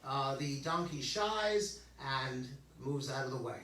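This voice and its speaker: A man's voice: medium pitch, expressive, slow pace, a bit bright. Joking older man giving a sermon. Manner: joking, conversational, lots of okays and asides. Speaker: rabbi. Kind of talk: informal sermon. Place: synagogue sanctuary. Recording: echoey hall, distant mic, faint hum.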